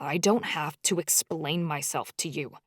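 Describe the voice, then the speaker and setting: A woman doing a hot-tempered young man, loud and growling. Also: deep voice, unhurried, dry recording, clean studio sound, pitched below the performer's own voice. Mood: angry. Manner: loud, raging rants.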